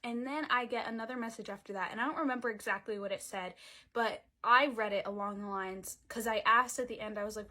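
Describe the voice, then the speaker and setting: Young woman, slightly high voice, casual storytime vlogger, chatty and dramatic, filler-heavy. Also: a little fast. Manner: dramatic, animated retelling.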